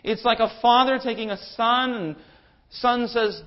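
A man's voice: very high-pitched, a little slow, muffled recording. A man preaching a sermon as pastor, building to emphatic rhetorical questions.

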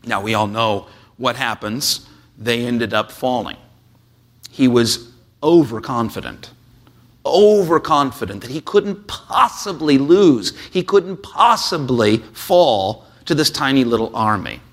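A man preaching a sermon, reading a scripture passage and then explaining it in a relaxed, conversational way with frequent "uh"s. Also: medium pitch, slow. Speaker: pastor.

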